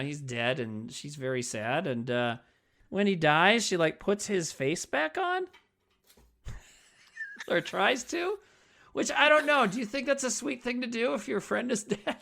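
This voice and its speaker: Male podcast co-host, gravelly and lively, rambling casual chat. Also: high voice, measured pace, long pauses. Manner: rambling, animated retelling of a film.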